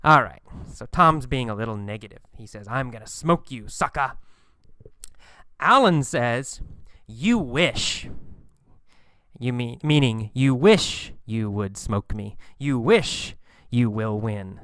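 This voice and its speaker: Slow, patient male English teacher. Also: medium pitch, animated, a bit bright, smooth, no echo. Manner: slow, patient, repeats words and examples; acts out lines and engine sounds with bursts of volume. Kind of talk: vocabulary lesson explaining slang.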